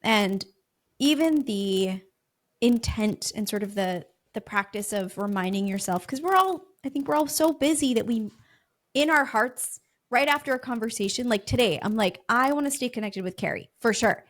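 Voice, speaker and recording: A woman podcast host in a casual conversation, affirming and animated as she responds. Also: on the high side, moderate pace.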